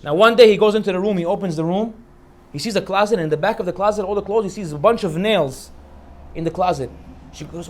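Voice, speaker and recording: Man, rabbi, storytelling sermon, rapid delivery, slightly high voice, acts out characters. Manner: animated storyteller acting out the characters' lines.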